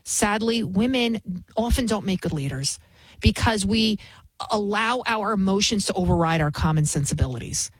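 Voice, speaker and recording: Woman, 40s, talk radio host, heated ranting monologue, breathy tone, dry studio mic. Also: mid-range voice, lively intonation, moderate pace, no echo, low-quality recording.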